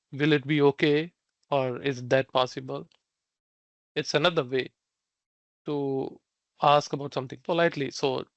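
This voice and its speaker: A man teaching Mandarin phrases in an online lesson, explaining each word slowly with many fillers and restarts. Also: a little high, no room sound.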